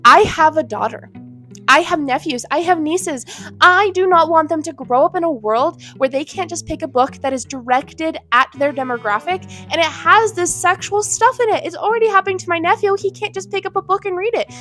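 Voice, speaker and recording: A woman in her twenties vents on her own channel in a heated, indignant rant, blunt and quick to swear. Her voice sits high, with faint music playing quietly beneath. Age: 20s. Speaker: vlogger. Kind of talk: ranting commentary to camera. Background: faint background music.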